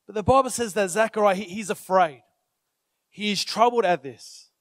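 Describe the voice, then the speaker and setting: Animated high-voiced male preacher. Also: dry recording, clean studio sound. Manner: animated, acts out inner thoughts in quick asides; many filler phrases and restarts. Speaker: pastor. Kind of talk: sermon.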